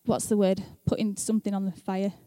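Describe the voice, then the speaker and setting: A woman's voice: medium pitch, level tone, brisk, warm tone, no room sound. A young woman speaking at church in a chatty, self-deprecating way, laughing often, then reading scripture aloud. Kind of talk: casual talk and scripture reading.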